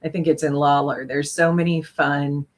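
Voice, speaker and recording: A woman's voice: sits low, fairly even intonation, moderate pace. A woman co-hosting a chat show, speaking thoughtfully and laughing often. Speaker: podcast co-host. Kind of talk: casual chat.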